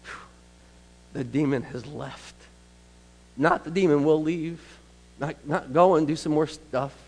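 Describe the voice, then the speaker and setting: A man's voice: on the high side, unhurried, darkish tone. A man preaching a sermon, telling stories in a conversational way with asides to the congregation. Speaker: pastor. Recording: long reverb of a large hall.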